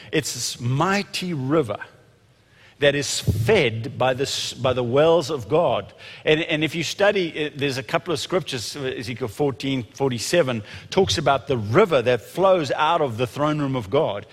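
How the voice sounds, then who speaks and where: A man preaching a sermon in an animated way, with frequent restarts and sudden bursts of loud emphasis. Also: medium pitch, in a large hall. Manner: animated, rising to shouts when quoting, frequent restarts.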